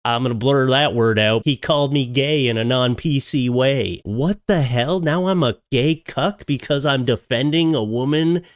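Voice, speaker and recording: A man's voice: mid-range voice, unhurried, few pauses, dry recording. Joking man with dry close sound. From Canada. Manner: sarcastic, jokey, laughs at his own jokes. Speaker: YouTube commentary host. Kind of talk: casual reaction commentary.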